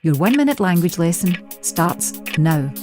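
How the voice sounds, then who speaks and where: A woman teaching a short scripted language lesson, saying phrases slowly and clearly for learners to repeat. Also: fairly low pitch, big pitch swings, a little mellow, soft background music. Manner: clear, slow modelling of phrases.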